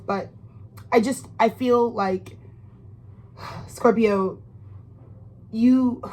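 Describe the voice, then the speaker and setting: This heartfelt astrology reading comes from a woman in her 20s who works as a tarot reader, rambling emotionally with swearing, restarts and anecdotes from her life. She speaks at a medium pitch with a slightly mellow tone.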